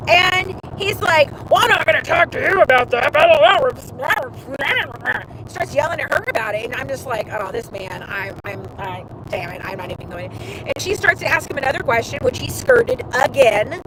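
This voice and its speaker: High-voiced woman chatting in a noisy car. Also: normal speed. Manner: animated storytelling, mimics others, swears freely. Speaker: show host. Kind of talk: casual chat on a livestream.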